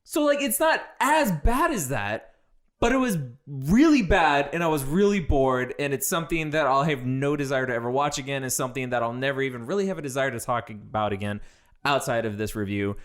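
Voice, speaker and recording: A man's voice: medium pitch, animated, a little fast. A man co-hosting a casual movie review, blunt and exasperated, swearing freely as he rants.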